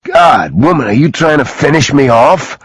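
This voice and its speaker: A man voicing a gruff, wounded tough man who speaks in a pained, gravelly way. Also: a little high, lively intonation, moderate pace, dry recording, voice pushed up. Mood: exasperated.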